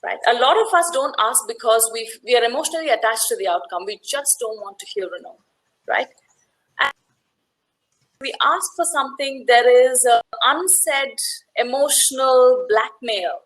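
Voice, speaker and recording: A woman facilitating a networking workshop tells stories in a conversational way, often checking in with "right?" and briefly acting out the voices of people in her stories. Her voice is a little high, animated and a bit bright, at a normal speed, on a rough recording.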